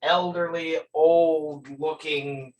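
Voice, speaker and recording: Steady game master, measured narration, off-mic. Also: mid-range voice, highs cut off. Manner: calm, measured scene-setting. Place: room at a gaming table. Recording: distant from the mic.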